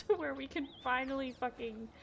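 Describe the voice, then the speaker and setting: A young woman with a high, creaky voice streams a game and chats at a moderate pace, background music playing. The talk is casual and rambling, full of laughter and free swearing.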